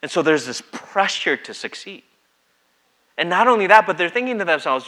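At a moderate pace, a high-pitched male pastor preaches in an easy, conversational way. He reads from scripture and performs the quotes with lively vocal flair.

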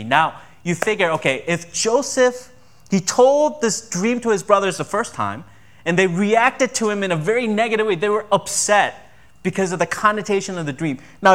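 A man's voice: high voice, a bit bright. A man preaching a sermon in a conversational style, often asking his listeners rhetorical questions. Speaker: pastor.

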